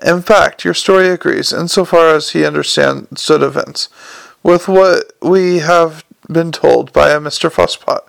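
A man's voice: fairly high pitch, unhurried, creaky, no echo. A man reading the part of a courteous, unflappable young police captain who calls everyone sir. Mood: politely probing. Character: polite earnest young male police captain.

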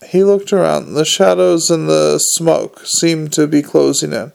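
A man narrating an audiobook in a dry, measured storytelling manner. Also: fairly high pitch, fairly even intonation, creaky, a little mellow. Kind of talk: scripted narration.

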